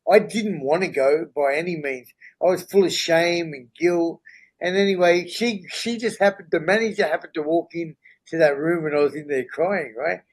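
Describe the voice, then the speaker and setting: A middle-aged man speaks as a podcast guest, his voice sitting a bit higher than most men's. He tells his story in a candid, earnest way, and he often pauses to check in with the listener. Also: husky, poor audio. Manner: earnest, checks in with "right?" and "you know?".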